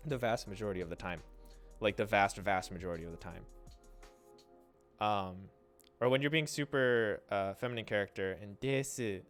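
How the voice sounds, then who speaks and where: A young man casually explaining Japanese pronunciation on a livestream, trailing off, restarting and sounding out syllables slowly. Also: lowish voice, a bit bright, faint music behind. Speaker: streamer teaching Japanese.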